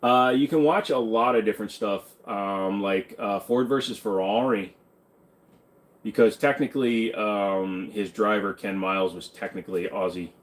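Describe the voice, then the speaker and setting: A man with a lowish voice and moderate pace hosts a livestream Q&A, answering questions from chat. He rambles loosely and swears freely throughout the casual session.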